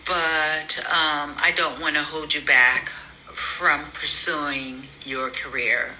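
A low-pitched woman speaking slowly and earnestly, working to hold back tears as she talks. Her voice is bright and clear over faint background noise. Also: level tone, rough recording. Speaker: mother giving a farewell message. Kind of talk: heartfelt recorded message.

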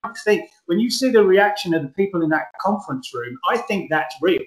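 A man's voice: high voice, a little fast. A middle-aged man, an actor, talking through his ideas in an earnest, rambling way during an interview. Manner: earnest, rambling, lively emphasis. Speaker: guest actor. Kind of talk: conversational interview. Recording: roomy echo.

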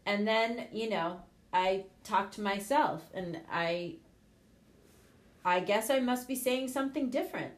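A woman's voice: mid-range voice, unhurried. A middle-aged woman coach and show host, talking frankly and casually, with the odd swear word. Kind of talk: casual motivational talk. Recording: echoey room.

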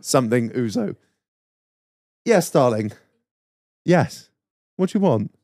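A man's voice: mid-range voice, sing-song, slow pace, a little mellow, no room sound. A man hosting a podcast, telling sweary anecdotes and laughing through them. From Manchester, England. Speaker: podcast host. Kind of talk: casual podcast banter.

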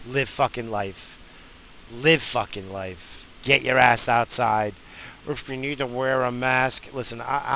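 A man's voice: mid-range voice, sharp tone, slight background noise, rough recording. A man hosting a solo podcast, rambling in a crude, profane and self-mocking way. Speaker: podcast host.

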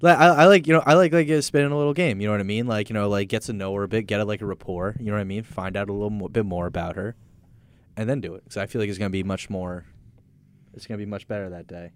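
A man's voice: fairly low pitch, racing, smooth. A young man with a Long Island accent, co-hosting a casual podcast chat and rambling with lots of fillers. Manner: animated, rambling with many fillers. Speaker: podcast co-host.

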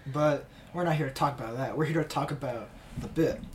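A man's voice: medium pitch, fairly quick, a little hiss or hum. A man co-hosting a casual podcast, narrating in a rambling way and laughing often. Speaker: podcast co-host. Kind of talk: casual chat.

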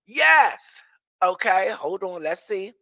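A man's voice: sits high, very animated, slow pace, vocal fry, sharp tone, no room sound. A man with a Washington, DC accent hosting a live stream, reading viewer comments with brassy, profane, sassy banter.

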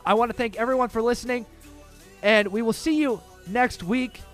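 High-voiced ranting male podcast host. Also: normal speed, faint music behind. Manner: ranting, exasperated, swings into loud outbursts. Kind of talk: solo sports opinion podcast.

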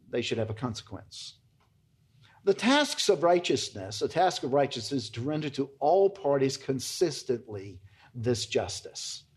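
A man's voice: on the high side, a little mellow. A man preaching an earnest, emphatic expository sermon to his congregation as its pastor. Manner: earnest, emphatic, addresses listeners as folks.

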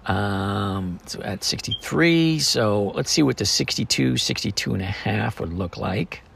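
Man, podcast host, gravelly husky voice, lively pitch, casual chatty trading talk. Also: unhurried, a little hiss or hum. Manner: chatty, jokey, walks through numbers.

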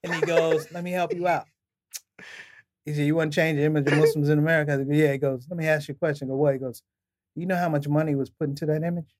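A fast-talking middle-aged man with a fairly high pitch, this comedian is a guest on a podcast. In the casual interview he delivers lengthy stories, acting out quoted people with a lively, laughing energy.

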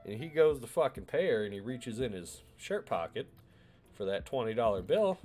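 A man's voice: mid-range voice, very animated, normal speed, a little mellow, soft background music. A man chatting casually with friends, telling a rambling, profane family anecdote with plenty of fillers. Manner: rambling, profane, loose storytelling. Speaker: storyteller among friends. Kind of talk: casual chat.

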